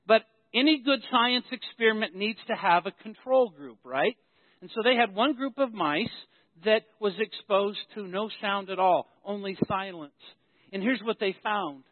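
A man's voice: high voice, no echo. A man preaching a sermon as pastor, telling stories and building emphasis through repetition. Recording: tinny phone-like, dry sound.

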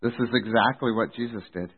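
Man, sermon, earnest steady preaching, mid-pitched voice, thin phone-like audio. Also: a little fast, slightly rough. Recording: tinny phone-like sound.

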